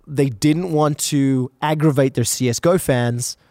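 A man co-hosting an esports talk show, excitable and rambling, talking in casual desk chat. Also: medium pitch, unhurried, no room sound, studio quality.

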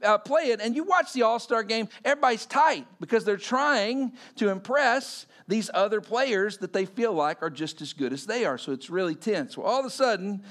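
High-voiced male preacher, animated storytelling. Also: moderate pace, few pauses. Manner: animated storytelling, acting out quotes. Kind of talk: sermon.

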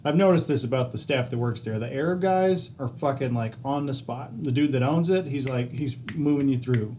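This podcast co-host has a mid-range voice and a brisk delivery, with slight background noise behind him. He tells a casual, animated story packed with swearing, acting out the voices of the people he quotes.

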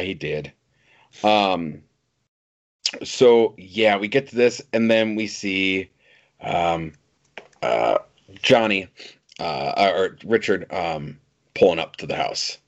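A man co-hosting a casual podcast chat, talking in a lively, laughing way with some casual swearing. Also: deep voice, extremely slow, long pauses. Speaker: podcast co-host. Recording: dull lo-fi podcast audio.

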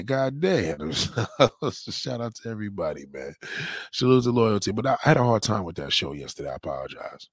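A man hosting a livestream, ranting loudly and profanely, rambling and repeating his catchphrases. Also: on the low side, expressive, a little fast, dry recording, clean studio sound. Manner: loud, rambling, repeats catchphrases, heavy swearing. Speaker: livestream host.

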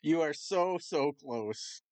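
A man's voice: on the high side, lively intonation, slow pace, a little mellow, dry recording. A man hosting a comedic podcast, teasing the others and reading out recipes in casual chat. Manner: teasing, quizzing, reads out recipes. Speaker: podcast host. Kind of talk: casual comedic chat over a remote call.

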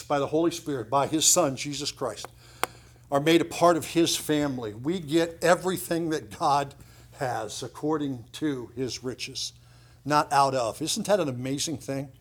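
A middle-aged pastor preaching a sermon in a conversational way, with lively asides and emphasis. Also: male voice, a little high, breathy edge.

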